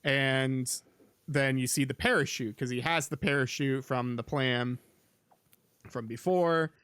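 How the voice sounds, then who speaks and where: A man hosts a casual podcast and rambles through a film recap, padding it with fillers. His voice is smooth and clear at a middle pitch. The sound is dry and close. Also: a little slow, a bit bright, dry recording. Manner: rambling, filler-heavy, with many ums and likes. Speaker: podcast host.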